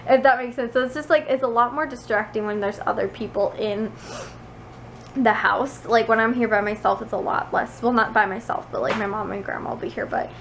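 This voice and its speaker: Talking a little fast in a high-ish, slightly bright voice, a young woman from suburban Chicago vlogs from her bedroom at night. She chats casually to camera and rambles with lots of fillers, captured in a noisy home recording.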